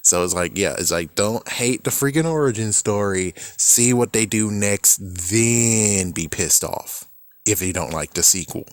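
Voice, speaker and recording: A man with a low-pitched voice rants about movies in a loose, profane, exasperated way. He jumps between his own view and mocking voices for other people. His recording sounds dry and close, with no room echo. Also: measured pace. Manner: profane, exasperated and animated, acts out quotes. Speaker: movie commentary vlogger. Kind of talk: casual ranting movie opinion vlog.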